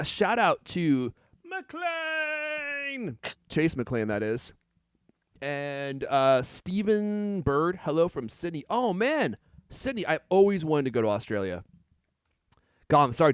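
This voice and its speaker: A man's voice: on the high side, sing-song, moderate pace, clean tone, no echo, studio quality. A man co-hosting a live tech podcast, chatty and laughing often as he reads viewer comments aloud. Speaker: podcast co-host. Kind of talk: casual live-stream chat. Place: home studio on a live camera stream.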